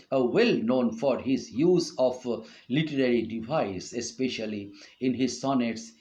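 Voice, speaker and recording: A middle-aged man with an Indian English accent giving an online university lecture on poetry, speaking slowly and often pausing on "uh". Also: medium pitch, dark tone. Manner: slow, hesitant delivery with frequent "uh" fillers. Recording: dull lo-fi online class audio.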